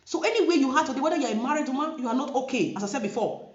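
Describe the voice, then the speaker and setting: A woman with a Nigerian Pidgin-inflected English accent talks to camera in an emphatic, preachy way, repeating herself to drive each point home. Her pitch rises and falls a great deal. The room around her is echoey and the sound is dull and lo-fi. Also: expressive, very fast. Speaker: vlogger. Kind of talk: casual commentary to camera.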